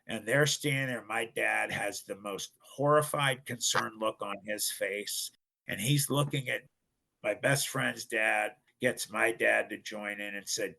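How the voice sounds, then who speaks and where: Gravelly middle-aged man telling a story. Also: fairly low pitch, measured pace. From Ohio, United States. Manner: animated, acts out others' voices. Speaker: guest. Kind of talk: casual storytelling.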